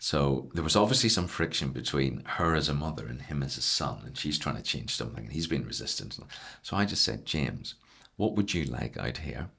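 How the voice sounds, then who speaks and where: Brief: man with a very low, husky voice, earnest and reflective in conversation. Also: animated, fairly quick, hardly any pauses, pushed and bright. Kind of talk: casual conversation.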